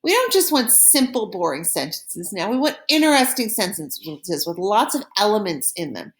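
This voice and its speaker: A woman teaching a recorded French lesson, explaining in a friendly classroom way and saying model phrases slowly and clearly for repetition. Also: mid-range voice, very animated. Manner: slow, carefully pronounced model phrases for repetition; friendly classroom explaining with small slips and laughs.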